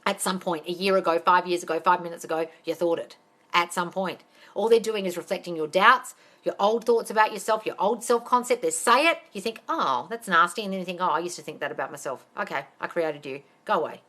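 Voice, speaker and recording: Working as a manifestation coach, a non-American woman fields questions on a live stream, speaking bluntly, cursing freely and addressing her listeners as darling. Her voice is on the low side and a bit bright.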